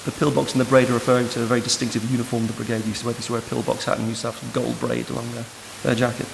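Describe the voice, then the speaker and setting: Male lecturer, gravelly voice, long hall reverb, steady hiss. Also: mid-range voice, racing. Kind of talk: academic lecture. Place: lecture room.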